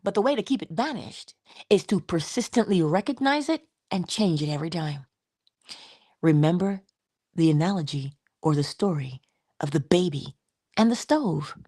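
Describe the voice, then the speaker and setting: A middle-aged woman giving an inspirational spiritual talk in a conversational, expressive way, slipping into little acted-out quotes. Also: fairly low pitch, normal speed, dry recording, clean studio sound. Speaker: inspirational speaker.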